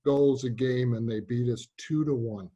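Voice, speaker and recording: Older male ex-player, mid pitch, eager, stumbles over words. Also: fairly even intonation, normal speed, dark tone, slightly rough, lo-fi sound. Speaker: former college lacrosse player. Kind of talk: casual reminiscing.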